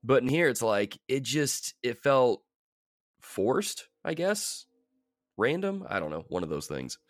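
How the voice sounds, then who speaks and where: A man co-hosting a casual movie review chat, talking haltingly with exasperated asides. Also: medium pitch, very animated, no room sound, clean studio sound. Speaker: podcast co-host.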